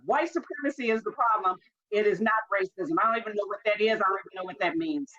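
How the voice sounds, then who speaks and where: A woman's voice: mid-range voice, quick pace, a bit bright, lo-fi sound. A woman author interviewed as a guest, speaking emphatically and repeating her points insistently.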